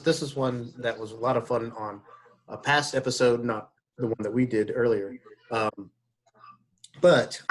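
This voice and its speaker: Host, male, mid voice, relaxed and hesitant. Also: medium pitch, poor audio. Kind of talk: casual chat.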